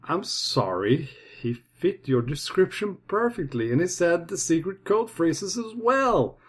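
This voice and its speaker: A man's voice: a little high, animated, unhurried, breathy edge, voice pushed up. A man voicing a nervous female shop clerk who stammers in a raised voice. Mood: flustered.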